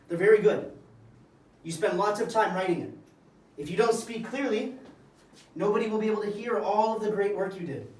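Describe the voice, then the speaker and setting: High-voiced man teaching a class. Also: a little hiss or hum. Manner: simple, emphatic phrasing for young learners. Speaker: English teacher. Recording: echoey classroom from far off.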